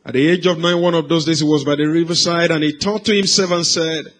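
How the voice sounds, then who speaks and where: A man preaching, telling a life story as a sermon, swinging from hushed, slow passages to loud, raised cries. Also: on the high side, steady tone. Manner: dramatic swings from hushed to shouted.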